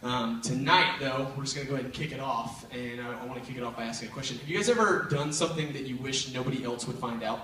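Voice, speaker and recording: A young man giving a youth sermon to students, telling a funny childhood story and jumping into loud, high voices for the kids in it. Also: fast talker, hardly any pauses. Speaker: youth pastor. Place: large church auditorium. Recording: very echoey hall, mic at a distance.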